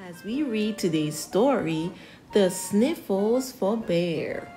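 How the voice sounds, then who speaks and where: Slow, expressive woman reading a picture book. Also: mid-range voice, over music, low-quality recording. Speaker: storyteller. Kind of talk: children's picture book read-aloud.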